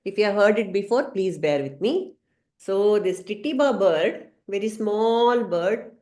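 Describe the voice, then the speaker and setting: A woman teaching a scripture study class, telling a story gently with some hesitant fillers. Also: medium pitch, animated, unhurried. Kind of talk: storytelling lesson. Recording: roomy echo.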